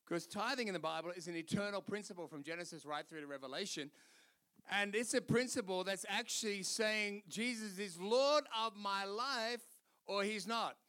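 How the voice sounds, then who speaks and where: Middle-aged male pastor, high and bright, emphatic sermon delivery with repeated lines. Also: moderate pace. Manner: emphatic, repeats phrases, acts out quotes.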